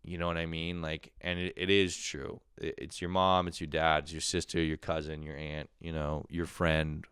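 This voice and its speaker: A man's voice: extremely low pitch, flat delivery, moderate pace, hardly any pauses, fairly bright tone, smooth, dry recording, clean studio sound. A young man delivering a casual comedic monologue, rambling and exasperated, swearing as he rants. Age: young adult. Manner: profane, rambling, exasperated ranting. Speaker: comedian podcast host.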